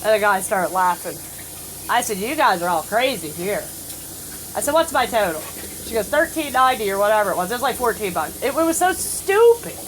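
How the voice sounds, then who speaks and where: A woman's voice: mid-range voice, sing-song, a little fast, a little hiss or hum, rough recording. A middle-aged woman telling a story in casual chat, acting out other people's lines. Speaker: family vlogger. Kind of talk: casual storytelling while playing a phone game.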